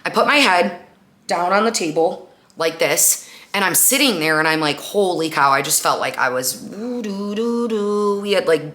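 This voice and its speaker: A woman's voice: low voice, normal speed. A young woman hosting a podcast, chatting casually through a personal story with lots of "like" and acted-out quotes. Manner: chatty, animated retelling with frequent "like" and acted-out quotes. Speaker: podcast host.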